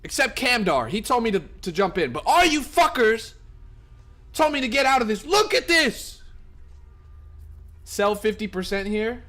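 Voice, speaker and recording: A young man live-streaming his trades with a fairly high voice that leaps all over the place. He talks bluntly and profanely to his chat, swinging between low muttering and sudden loud shouts. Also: unhurried, pauses often. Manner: excitable, bursts into loud shouts. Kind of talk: live trading stream commentary.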